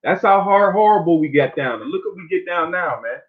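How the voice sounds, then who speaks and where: A man with a slightly high voice delivers an informal sermon. He reads scripture slowly and then explains it in loose, everyday talk, often tagging "man" onto his lines. The sound is narrow and tinny, like a phone line. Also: expressive. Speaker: preacher.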